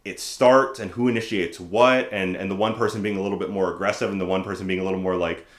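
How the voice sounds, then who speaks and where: A man co-hosting a podcast, chatting casually and telling stories with quick mock voices. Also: low voice, steady tone. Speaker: podcast co-host. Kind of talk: casual chat. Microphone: desk microphone. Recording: roomy echo.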